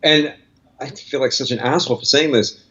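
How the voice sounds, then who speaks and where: A man's voice: mid-range voice, fairly quick, pushed and bright, breathy edge, highs cut off. A man with an Australian accent, chatting as a guest musician in a casual interview, rambling with restarts. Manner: rambling, restarts, laughs easily.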